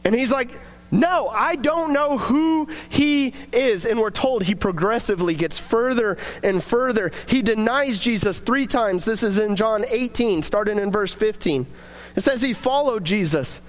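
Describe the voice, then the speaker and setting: A man's voice: high voice, animated, moderate pace. A man preaching a sermon, reading scripture aloud and then explaining it in plain, earnest words.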